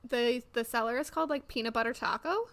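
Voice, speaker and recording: Woman podcast cohost, casual chatter, lots of likes and ums, voice on the higher side. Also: quick pace, a bit bright. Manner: chatty, heavy use of filler words. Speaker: podcast co-host. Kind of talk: casual chat.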